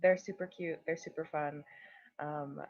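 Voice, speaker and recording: A woman's voice: sits low, steady tone, a little slow, a little mellow. Chatty woman hosting a lo-fi livestream. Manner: chatty, filler-heavy, greets viewers. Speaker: livestream host. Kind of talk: casual livestream chat. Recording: dull lo-fi stream audio.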